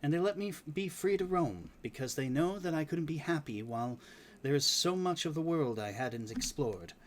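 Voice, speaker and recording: A man's voice: fairly high pitch, animated, moderate pace, a little hiss or hum, close to an everyday voice. A man reading a young female bard. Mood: earnest. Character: young female traveling bard, earnest and kind.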